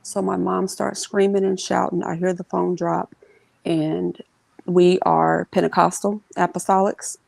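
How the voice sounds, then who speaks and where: A woman telling an emotional family story as an interview guest, earnest and halting, sometimes acting out what others said. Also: fairly low pitch, little pitch movement, creaky, darkish tone, no room sound, low-quality recording.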